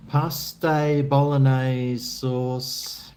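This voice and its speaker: A man's voice: medium pitch, little pitch movement, drawn-out words, a little mellow, a little hiss or hum. An Australian man chatting casually on a live stream, answering chat in a laid-back, rambling, jokey way.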